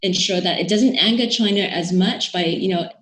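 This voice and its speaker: A woman guest expert giving measured podcast interview answers, with frequent fillers and restarts. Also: fairly low pitch, fairly bright tone, roomy sound.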